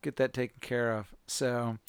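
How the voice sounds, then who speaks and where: A man co-hosting a comedy podcast, telling a childhood story in relaxed, halting casual chat. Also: mid-range voice, smooth, no room sound, studio quality. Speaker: podcast co-host.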